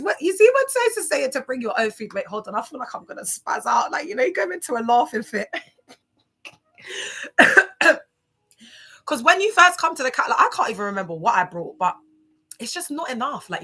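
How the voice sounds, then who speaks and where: A woman chatting casually on a livestream, animated and chatty, reacting to viewer comments. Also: a little high.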